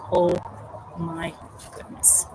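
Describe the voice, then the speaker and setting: A woman hosting a casual crafting livestream, telling animated stories about her pet and reading out viewer comments. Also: drawn-out words, background noise. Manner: chatty storytelling, animated. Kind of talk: casual chat.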